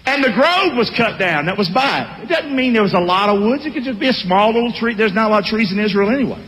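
A man's voice: high voice, fast talker, slight background noise. A male pastor preaching a sermon, calling out to his congregation. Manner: animated, calls out to congregation. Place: church hall. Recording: echoey hall.

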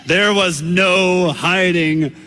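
A man preaching a storytelling sermon, animated and acting out his own shouts. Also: high voice, extremely slow, in a large hall.

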